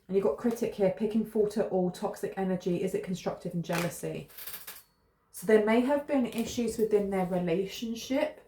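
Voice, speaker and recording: A woman's voice: medium pitch, moderate pace, dark tone. A woman giving a musing spoken tarot reading and often repeating her points. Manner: musing, repeats herself, loosely hedged. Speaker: tarot reader. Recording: roomy echo, faint noise.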